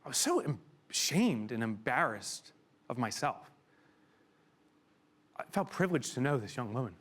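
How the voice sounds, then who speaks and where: Middle-aged male keynote speaker, lively pitch, emotional storyteller with loud outbursts, before a live room. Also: moderate pace. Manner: animated, emotional storyteller who bursts into loud exclamations. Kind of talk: live storytelling talk to an audience.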